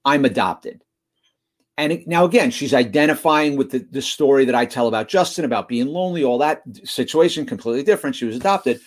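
A man's voice: mid-range voice, fast, few pauses. A man who speaks at schools, telling a story in an interview, earnest and often restarting his words. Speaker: guest, motivational school speaker. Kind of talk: storytelling in conversation.

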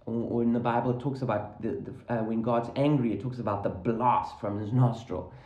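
A man's voice: mid-range voice, steady tone, a little fast, a little mellow, echoey room, low-quality recording. A man from Africa preaching a sermon, earnestly explaining scripture and Hebrew words.

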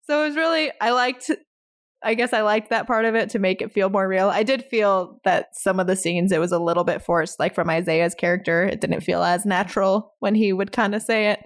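A woman's voice: medium pitch, fairly quick. Female podcast co-host, chatty and hedging, casual. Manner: chatty, laughs often, hedging with "like". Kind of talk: casual film review chat.

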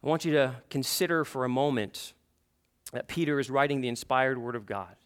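A man's voice: medium pitch, a little fast. A male pastor preaching a sermon in a church, earnest and repeating his questions for emphasis.

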